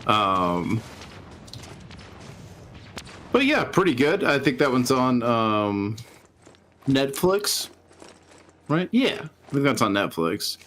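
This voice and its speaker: A man's voice: mid-range voice, sing-song, slow pace, fairly bright tone, a little hiss or hum. A man co-hosting a podcast in casual chat, rambling with frequent restarts and chuckles. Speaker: podcast co-host.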